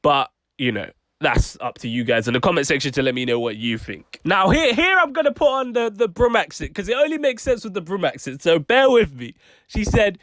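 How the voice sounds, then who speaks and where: A man's voice: high-pitched, big pitch swings, a little fast, fairly bright tone, dry recording. A young man giving casual, chatty commentary on rap lyrics, laughing often and trailing off with fillers. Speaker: YouTube commentator.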